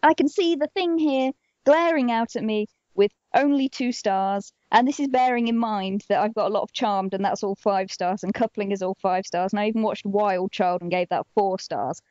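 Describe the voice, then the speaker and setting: A woman's voice: mid-range voice, normal speed, dry recording. A young woman co-hosting a podcast, chatting casually and acting out quotes from shows in silly voices. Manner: animated storyteller, acts out quotes in silly voices. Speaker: podcast co-host. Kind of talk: casual chat. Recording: dull lo-fi podcast audio.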